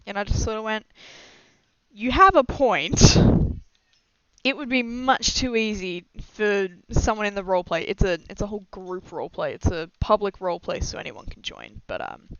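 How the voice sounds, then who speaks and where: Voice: medium pitch, expressive, brisk, few pauses, smooth, no room sound. A young adult streamer chatting casually and rambling with frequent giggles and self-deprecating asides during a live stream. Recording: slightly dull lo-fi mic, dry.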